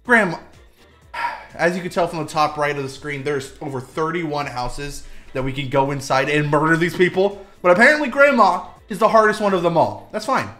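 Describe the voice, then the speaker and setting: A young man hosting a gameplay video, goofy and hyper, with sudden loud bursts and fast asides. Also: on the high side, soft background music. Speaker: gaming video host. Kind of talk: gameplay commentary.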